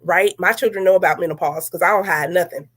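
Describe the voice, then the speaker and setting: A woman's voice: on the low side, fast, a bit bright, husky. A woman hosting a casual chat, telling stories and laughing often. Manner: chatty storyteller, laughs often. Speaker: podcast host.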